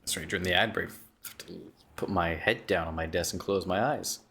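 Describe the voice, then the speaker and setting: A man's voice: low voice, a little fast, bright, forceful tone, slight background noise. A man streaming a video game, joking and self-mocking with drowsy asides. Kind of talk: casual game commentary.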